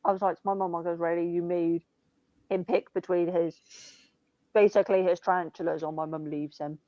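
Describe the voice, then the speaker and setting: A woman's voice: lowish voice, fairly even intonation, brisk, dry recording, lo-fi sound. A young woman in casual chat, telling rambling family stories full of swearing and "I'm like".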